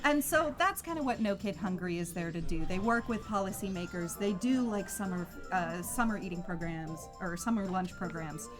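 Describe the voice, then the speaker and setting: A woman's voice: mid-range voice, expressive, normal speed, few pauses. A woman from Iowa co-hosting a charity gaming stream, chatting easily and making a donation appeal. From Iowa, United States. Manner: easygoing, laughs often, earnest when appealing. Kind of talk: casual chat and charity appeal. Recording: music playing underneath.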